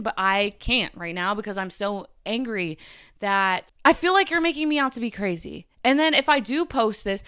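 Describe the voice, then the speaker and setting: A woman's voice: fairly high pitch, pushed and bright, clean tone, dry recording, clean studio sound. A young woman hosting a podcast, talking through something that upset her, repeating herself, her voice rising and falling sharply. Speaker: podcast host. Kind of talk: emotional personal monologue.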